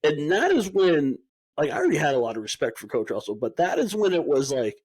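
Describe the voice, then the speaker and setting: Young man, podcast co-host, casual chat, animated storytelling, swears freely. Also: on the high side, a little fast, breathy edge.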